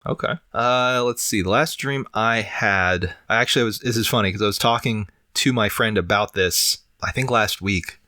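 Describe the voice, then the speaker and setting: A man's voice: on the low side, moderate pace, few pauses, sharp tone, no room sound, studio quality. A man co-hosting a casual podcast, rambling and long-winded, swearing casually while running a fever. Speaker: podcast co-host. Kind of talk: casual chat.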